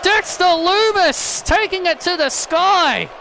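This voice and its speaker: A man giving excited play-by-play commentary over a wrestling video game, often shouting his calls. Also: very high voice, takes it slowly. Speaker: gaming commentator. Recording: loud game crowd and noise behind. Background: wrestling game crowd noise.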